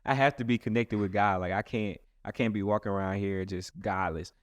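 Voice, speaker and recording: A man's voice: on the low side, steady tone, fairly quick, dry recording, clean studio sound. A man who is a pastor, talking earnestly and casually in a rambling way with many restarts. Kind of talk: casual podcast chat.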